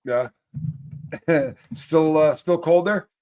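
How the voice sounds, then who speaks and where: A man hosts a live morning show in a rather high voice, loose and joking as he reads out viewers' names. His talk is unscripted, quick to laugh and full of asides. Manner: loud, joking, reads chat names aloud. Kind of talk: casual live-stream chat.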